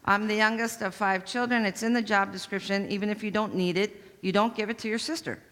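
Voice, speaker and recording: A woman's voice: mid-range voice, fairly even intonation, fairly quick, hardly any pauses, fairly bright tone. A woman pastor delivering a conversational, storytelling sermon to her congregation. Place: church sanctuary. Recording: long church-hall reverb.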